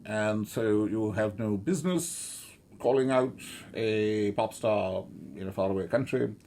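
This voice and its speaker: A middle-aged man giving rambling, sardonic commentary, halting often with fillers and restarts. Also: lowish voice, dark tone, slight background noise.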